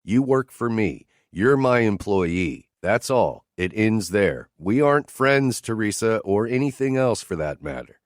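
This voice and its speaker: A man's voice: fairly low pitch, sing-song, a little slow, few pauses, no room sound, clean studio sound. A man reading a romance novel aloud in first person, with a terse, firm, cold delivery. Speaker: audiobook narrator. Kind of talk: scripted first-person narration.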